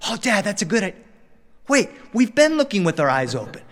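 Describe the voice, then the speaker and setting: A man's voice: very animated, fairly quick, fairly bright tone, exaggerated voice. A man doing a teary toddler boy. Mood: whiny pleading. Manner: high, whiny pleading. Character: a two-and-a-half-year-old boy, tearful and stubborn.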